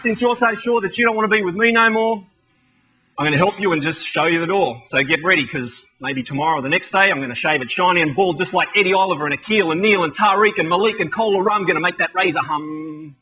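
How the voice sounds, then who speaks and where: A man's voice: high-pitched, fast, slightly rough, dull audio. An Australian man in his thirties performing rhyming spoken-word poetry in a rhythmic, wry, self-mocking delivery. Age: 30s.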